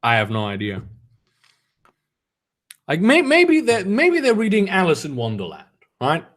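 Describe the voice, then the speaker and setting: Sarcastic man reading with lively pitch. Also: measured pace. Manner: sarcastic, mocking commentary between read lines. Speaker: reader of fan fiction. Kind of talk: comedic dramatic reading with asides.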